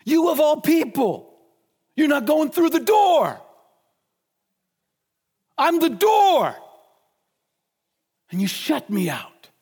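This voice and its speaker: A man voicing an impassioned male teacher rebuking his critics, with a rising, forceful delivery. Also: sits high, huge pitch swings, slow pace, creaky, pauses often, husky, long reverb tail, full character voice.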